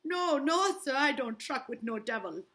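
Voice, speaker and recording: A woman's voice: sits high, expressive, normal speed, pushed and bright, voice pushed up. A woman voicing a frightened woman pleading in broken dialect. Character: frightened enslaved woman accused of witchcraft.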